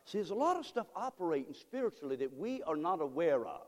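A male pastor with a high voice delivers a sermon from the pulpit. He drifts between quiet, stumbling asides and loud, stretched-out preaching. The sound carries a long church-hall reverb. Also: sing-song. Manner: swings from quiet, halting talk to loud, drawn-out preaching. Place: church sanctuary.

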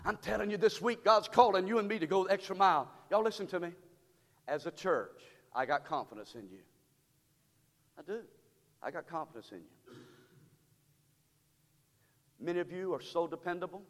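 Preacher man, middle-aged, goes quiet then shouts, high pitch, long church echo. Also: moderate pace, long pauses. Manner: swings from hushed to shouting, fervent. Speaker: pastor. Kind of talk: sermon. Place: church sanctuary. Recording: long reverb of a church hall.

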